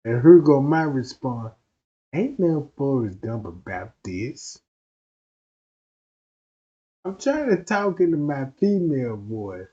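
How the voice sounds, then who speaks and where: A man's voice: medium pitch, sing-song, takes it slowly, long pauses, mellow, highs cut off. A man doing rowdy, profane comedic commentary on a stream.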